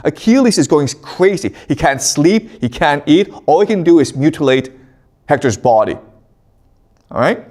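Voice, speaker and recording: A man lectures on history as a casual, animated story, often pausing to check in with the listener. His voice sits a little high and rises and falls widely.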